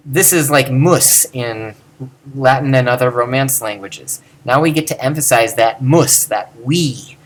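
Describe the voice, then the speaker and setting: This man's mid-range voice has lively intonation and a slightly slow pace as he teaches Greek grammar informally on a recorded lecture. He thinks aloud, uses fillers, corrects himself, and draws out example words.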